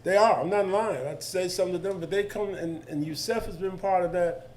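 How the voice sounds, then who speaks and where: A panel speaker in his seventies, this man has a high-sitting voice and a slightly fast pace. He tells stories in a lively, everyday manner, acting out the voices of the people involved.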